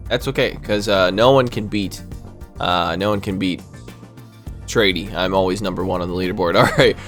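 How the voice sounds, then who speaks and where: A man casually commentating on a video game battle, reacting aloud to each move with quick bursts of excitement. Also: low voice, faint music behind. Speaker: gaming commentator.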